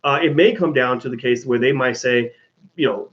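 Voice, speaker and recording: A man hosting his own show, answering viewer questions in an animated, casual monologue full of restarts and swearing. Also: mid-range voice, moderate pace. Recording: dull lo-fi sound.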